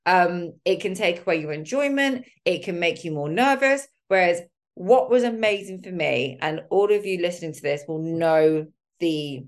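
A woman's voice: on the low side, expressive, moderate pace. A woman hosting a casual solo podcast, talking candidly with mild swearing and a lot of filler words. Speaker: podcast host.

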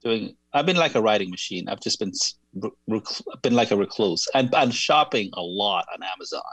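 A man co-hosting a radio talk show, chatting in a thoughtful, self-deprecating way with many halting restarts. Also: fairly low pitch, expressive, fairly bright tone, husky, no echo, poor audio. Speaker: radio show co-host and writer. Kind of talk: casual chat.

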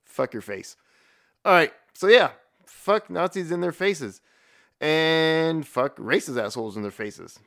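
A man's voice: mid-range voice, animated, normal speed, creaky, fairly bright tone. A man giving a profane, rambling rant in blunt, casual commentary, with frequent restarts.

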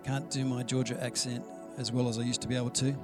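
A man's voice: mid-range voice, flat delivery, fast talker, over music. A man preaching a sermon in a conversational, storytelling way, acting out the dialogue he quotes. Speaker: pastor.

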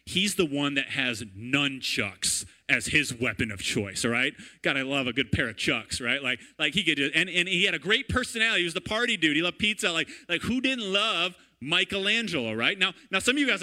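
A man in his thirties preaching a sermon in a lively, conversational way, often checking in with "right?". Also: a little high, a little fast, few pauses. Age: 30s. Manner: animated, conversational, repeats "right?" and "all right?". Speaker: pastor.

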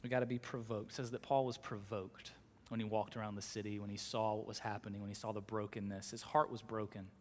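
A male pastor preaching a sermon, swinging between loud, emphatic exhortation and soft, close delivery. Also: fairly low pitch, flat delivery, fast talker. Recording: long hall reverb.

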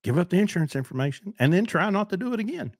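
A man's voice: high-pitched, big pitch swings, very fast, dry recording, studio quality. A middle-aged man hosting a solo talk show, ranting bluntly and heatedly about trucking in a rambling way. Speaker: podcast host, trucking business owner.

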